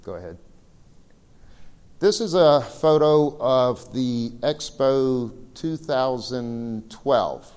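A man's voice: mid-range voice, animated, extremely slow, a little mellow, clean tone. A man giving a slideshow seminar talk, telling stories in a casual, rambling way with fillers. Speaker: seminar presenter. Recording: reverberant hall recording.

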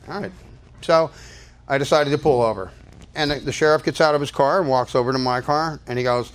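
A man's voice: mid-range voice, normal speed. An older man telling a personal story to an audience, rambling casually with many restarts and fillers. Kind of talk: casual spoken anecdote.

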